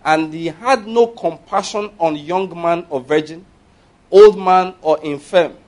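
High-voiced man preaching emphatically. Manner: emphatic, rising and falling with stress, asks the congregation questions; reads scripture aloud slowly and forcefully. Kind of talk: sermon.

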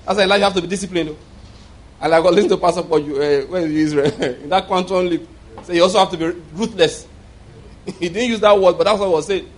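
A man's voice: high-pitched, steady tone, fast talker, a little hiss or hum. A man preaching a sermon, telling a story with frequent chuckles and repeated words.

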